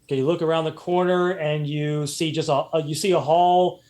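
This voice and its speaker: A man's voice: fairly high pitch, steady tone, fairly quick, a little mellow. A man running a tabletop role-playing game as game master, narrating loosely with many fillers and restarts.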